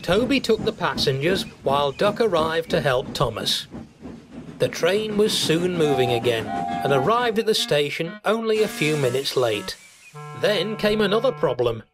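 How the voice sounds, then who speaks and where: A man narrating a children's storybook tale in a steady storytelling manner. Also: a little high, a little slow. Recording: loud background music.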